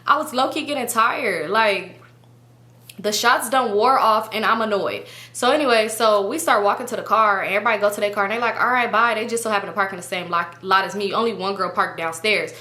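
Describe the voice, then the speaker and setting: Fast, bright-voiced woman telling a story. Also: mid-range voice. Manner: animated, slangy and profane, acting out quotes. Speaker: storytime channel host. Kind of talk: casual storytelling. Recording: roomy echo.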